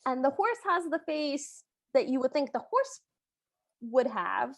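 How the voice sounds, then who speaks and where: High-voiced woman, chatty recap. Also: sing-song, unhurried. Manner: bubbly, chatty retelling with voiced quotes. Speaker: podcast co-host. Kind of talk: casual movie recap chat.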